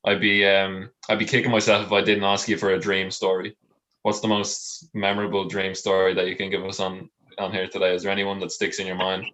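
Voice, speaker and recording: A man hosting a wrestling podcast, asking halting, self-correcting questions. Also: sits low, completely flat delivery, fairly bright tone, rough recording. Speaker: podcast host. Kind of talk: casual interview.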